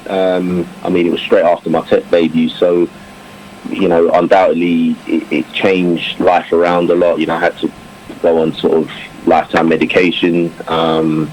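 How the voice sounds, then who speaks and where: A former English cricketer chatting in an interview, reflective, with many fillers and restarts. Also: male voice, deep voice, little pitch movement, normal speed, darkish tone, low-quality recording. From England. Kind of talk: casual interview talk. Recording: faint background noise.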